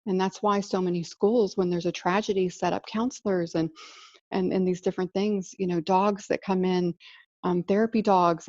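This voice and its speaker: A woman hosting a podcast recounts a personal story from an online call setup, earnest and emotional as she talks about her feelings in a reflective way. Her mid-range voice is a little mellow, and the dry recording sounds dull and muffled.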